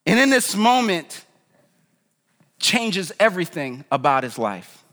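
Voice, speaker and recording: High-voiced, slangy young-sounding preacher. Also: male voice, sing-song, slow, fairly bright tone, big-room sound. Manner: casual, slangy, conversational preaching. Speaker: pastor. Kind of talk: sermon. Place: church in New York.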